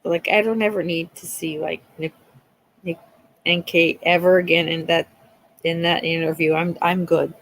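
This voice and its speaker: A woman in her thirties chatting with viewers on a livestream. Her voice has a gravelly fry, and she talks loosely, swearing and laughing as she goes. A faint hiss sits under the recording. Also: lowish voice, level tone, moderate pace, rough recording. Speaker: livestream host. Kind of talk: casual chat with live viewers.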